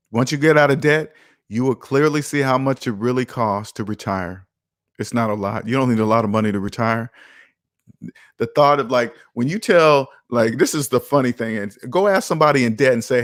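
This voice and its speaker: A man's voice: mid-range voice, normal speed, no room sound, clean studio sound. Passionate man preaching about money. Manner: passionate, preachy, repeats his points. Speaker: personal finance show host. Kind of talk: casual talk monologue.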